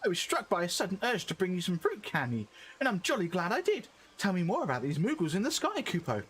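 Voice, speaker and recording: A man voicing a cheerful little male moogle, reading game dialogue aloud in a squeaky, bouncy voice. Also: huge pitch swings, fast talker, a bit bright, breathy edge, exaggerated voice. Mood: chirpy.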